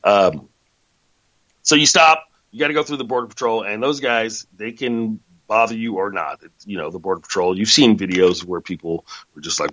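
A man's voice: on the low side, brisk, a bit bright, dry recording. A man casually talking through a long story, rambling, chatty and correcting himself as he goes. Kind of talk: casual monologue. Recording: dull lo-fi sound.

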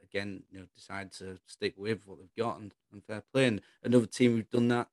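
Guy with a lowish voice going on about football, opinionated and rambly, dry close mic. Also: fairly even intonation, brisk, a little mellow, no echo. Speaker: football podcast co-host. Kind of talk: casual football chat.

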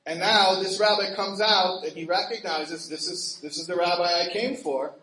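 A man telling a story in an animated, laughing way, acting out quoted voices with big jumps in pitch. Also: normal speed. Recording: roomy echo with faint ambient noise.

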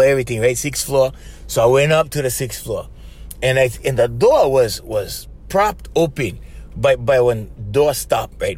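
Animated Pidgin-speaking storyteller man. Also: a little high. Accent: Hawaiian Pidgin English. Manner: animated, repetitive, with frequent laughs and "bro". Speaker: podcast host. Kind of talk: casual storytelling.

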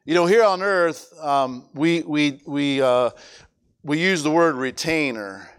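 A man's voice: fairly high pitch, takes it slowly, clear, resonant tone. A man preaching a conversational sermon, often stumbling over repeated words and asking the congregation questions.

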